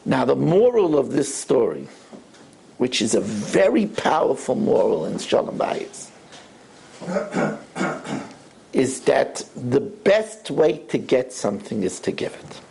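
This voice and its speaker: A man, a rabbi, giving a sermon and telling a story in an animated, wry way. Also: medium pitch, takes it slowly, gravelly, long pauses, a little hiss or hum.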